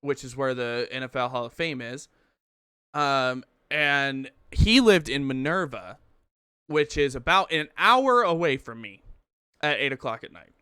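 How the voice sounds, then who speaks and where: A man on a podcast spins a rambling story with a bright, tense edge and crisp, smooth delivery. He swears freely and trips over restarts. The sound is dry and close. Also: medium pitch, animated, a little slow, no room sound. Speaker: podcast co-host. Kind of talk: casual storytelling chat.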